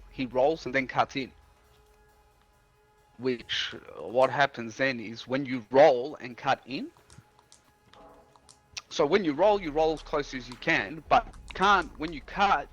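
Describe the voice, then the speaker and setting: His mid-range voice has a fairly bright tone. The man, a house painter who also streams, tells a rambling story about work in a casual storytelling chat, swearing plenty and acting out what people said.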